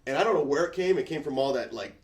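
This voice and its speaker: Middle-aged man, comedian guest, rapid self-mocking storytelling, mid-pitched voice. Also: lively intonation, a little mellow. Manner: rambling, self-mocking anecdote telling. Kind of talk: casual storytelling.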